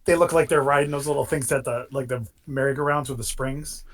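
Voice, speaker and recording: A man playing in a tabletop role-playing game, chatting in a playful, excitable way. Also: mid-range voice, brisk. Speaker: player. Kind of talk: casual tabletop game chat.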